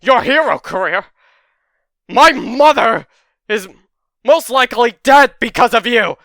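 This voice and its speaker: A man voicing a distraught, hot-blooded teenage boy who bursts into anguished shouting. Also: medium pitch, normal speed, clean tone, dry recording, clean studio sound, lightly acted. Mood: furious. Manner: breaks into loud anguished shouting.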